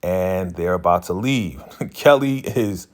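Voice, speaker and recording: A man's voice: low voice, takes it slowly. A man giving a casual, chatty recap of a TV episode, loose and full of slang and "you know" fillers. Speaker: TV recap channel host.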